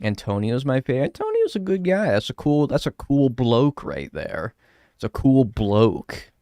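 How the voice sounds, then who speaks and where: A man's voice: mid-range voice, huge pitch swings, normal speed, mellow, no room sound, clean studio sound. An American man chatting casually on a live stream while playing a game, joking around and swearing freely.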